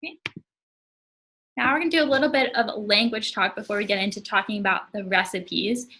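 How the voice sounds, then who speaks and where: A woman's voice: mid-range voice, brisk, pushed and bright, slight background noise, low-quality recording. A young woman presenting a classroom lesson in a casual tone, explaining words one by one. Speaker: language and culture presenter. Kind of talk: classroom teaching.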